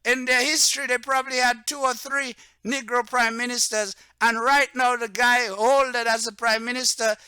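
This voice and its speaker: Man with Patois roots, self-styled religious leader, off-the-cuff monologue; smooth, dry close-mic sound. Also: very high voice, level tone, sharp tone, no room sound. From Dominica. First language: Antillean Creole (Patois). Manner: rambling, repeats "okay?" and "right?", turns heated and slower when stressing points. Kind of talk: unscripted monologue to camera.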